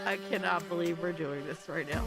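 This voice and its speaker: A woman streaming live, reacting to viewer videos with loud, exasperated, profane commentary and frequent shouts of disbelief. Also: lowish voice, fairly quick. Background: music.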